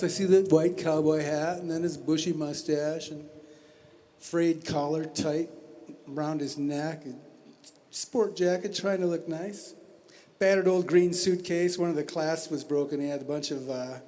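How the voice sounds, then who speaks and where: A man's voice: fairly high pitch, a little mellow, a little hiss or hum. Wry man telling a story on stage. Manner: conversational and wry, with asides and restarts. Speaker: talent show performer. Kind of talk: spoken storytelling. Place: community center stage.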